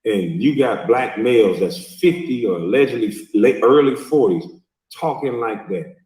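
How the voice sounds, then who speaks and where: Middle-aged dude ranting on a stream, cussing and scolding, voice jumps all over, echoey from off the mic. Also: male voice, mid-range voice, expressive, normal speed, darkish tone, far from the mic. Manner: profane, mocking, scolding. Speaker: livestream host. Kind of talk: heated reaction rant.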